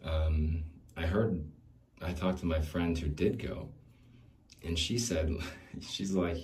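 Speaking slowly with frequent pauses, a podcast host with a very low, darkish voice talks on his own in a rambling way. His intonation stays fairly even while he restarts sentences, uses fillers, swears offhandedly and laughs as he moves between thoughts.

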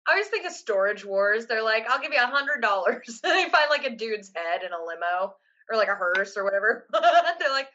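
A woman co-hosting a casual chat, retelling scenes in an animated, joking way. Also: mid-range voice, fairly quick, few pauses, lo-fi sound.

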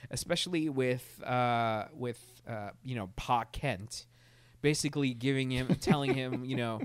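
A man in casual chat, animated and rambling, with many restarts and laughs. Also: medium pitch, unhurried, smooth, no echo.

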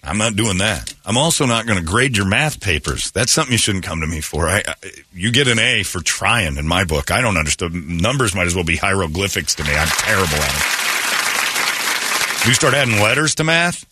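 A husky-voiced man in his fifties hosts a talk show, cracking jokes and laughing through casual banter. His tone is bright and his pitch leaps around animatedly, though it sits a little low. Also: normal speed, no echo, a faint crowd. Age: 50s. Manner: animated, joking, laughs often. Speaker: radio show host.

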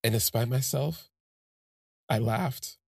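A man's voice: medium pitch, slow, gravelly, breathy edge, no room sound, studio quality. A man hosting a podcast, telling a personal story in a rambling, heartfelt way with many fillers and restarts. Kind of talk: casual spoken storytelling.

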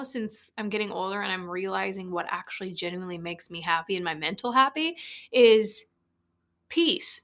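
Casting: late-twenties woman, podcast host, blunt, profane, rambling, quick to laugh, studio mic. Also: mid-range voice, fairly bright tone. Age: late 20s. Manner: blunt, swears often, laughs easily, rambling. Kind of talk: casual solo podcast monologue. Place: small converted shed recording studio. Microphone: studio microphone.

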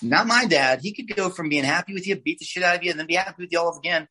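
A man in his forties from Oklahoma, a guest telling lively, salty stories from his childhood in a casual interview. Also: high-pitched, very fast, a little hiss or hum, rough recording. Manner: animated, swears, acts out quoted voices. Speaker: guest, oral surgeon.

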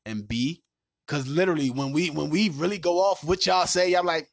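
A man hosting a casual podcast, ranting loudly and swearing as he vents about dating. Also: on the high side, normal speed, gravelly, no echo, studio quality. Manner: loud, profane and ranting. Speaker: podcast host.

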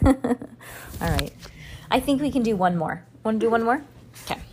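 A woman reads a novel aloud, as a teacher would to her class. Her narration is expressive and unhurried, and she slips into voices for the characters. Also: fairly high pitch, background noise.

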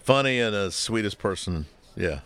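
A man's voice: fairly low pitch, lively intonation, normal speed, fairly bright tone. A man co-hosting a podcast in casual chat, jokey and wry, slipping into announcer mode for the sign-offs. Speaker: podcast co-host.

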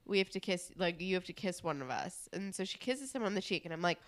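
A young woman co-hosting a casual podcast, animated and sweary as she reacts to a TV episode. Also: lowish voice, fast talker. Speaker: podcast co-host. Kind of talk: casual recap chat.

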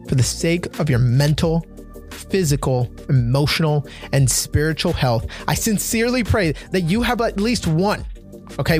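A man hosting a motivational talk for men, speaking earnestly and emphatically, slowing down to repeat his key points. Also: on the high side. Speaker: men's motivational podcast host.

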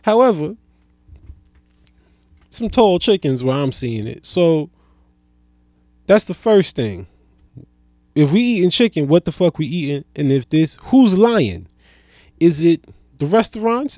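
A young adult man doing a stand-up comedy monologue. He is profane, loose and rambling, and jumps between loud outbursts and low mutters. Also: sing-song, a little slow, long pauses, no echo, studio quality.

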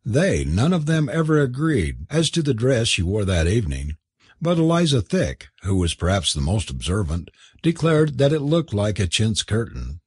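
A man's voice: fairly low pitch, wildly swooping pitch, normal speed, a little mellow, breathy edge, no echo, clean studio sound. A man narrating an audiobook, telling the story expressively and switching into voices for the characters.

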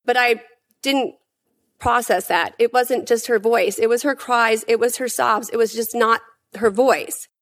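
A woman giving prepared testimony at a hearing, in an earnest, emphatic and measured way. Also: fairly high pitch, fairly even intonation, a bit bright.

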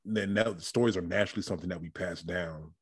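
Podcast host, man, low husky voice, dry room. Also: quick pace, no echo. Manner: laughs often, thinks aloud with restarts. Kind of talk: casual chat.

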